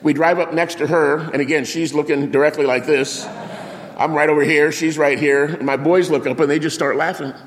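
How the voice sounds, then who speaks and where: An older man preaching a sermon, telling a lively anecdote with sound effects and acted-out quotes before turning to scripture. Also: fairly high pitch, brisk, a crowd in the background. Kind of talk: storytelling sermon. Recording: long reverb of a large hall.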